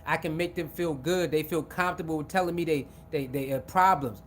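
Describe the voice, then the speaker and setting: Male commentator, high voice, loose animated monologue with faint background rumble. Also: brisk. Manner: repetitive, animated, acts out quoted voices. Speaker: sports commentator.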